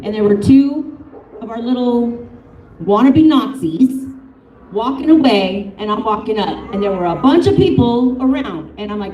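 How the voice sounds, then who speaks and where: A high-pitched woman with a mellow tone delivers a fiery, unscripted protest speech. She swears freely and laughs between lines. She is heard from a distance with echo. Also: animated, measured pace, a little hiss or hum. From Colorado. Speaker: rally speaker. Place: outdoor protest rally. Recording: echoey, from a distance.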